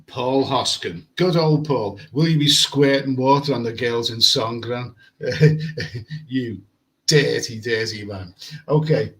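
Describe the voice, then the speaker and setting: A man's voice: medium pitch, sharp tone, poor audio. A man chatting casually on a live stream from a hotel room, rambling and repeating words as he reads comments. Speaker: travel vlogger. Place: hotel room with air conditioning.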